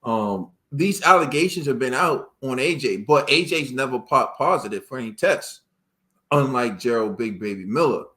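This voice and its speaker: A man's voice: medium pitch, animated, moderate pace, sharp tone. A man hosting a casual boxing podcast, arguing his point with rhetorical questions. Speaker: podcast host.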